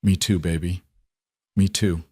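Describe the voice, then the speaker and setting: A man's voice: deep voice, fairly even intonation, a little slow, a little mellow, husky, no room sound, clean studio sound. A man voicing an emotional single father in a narrated story, earnest and pleading.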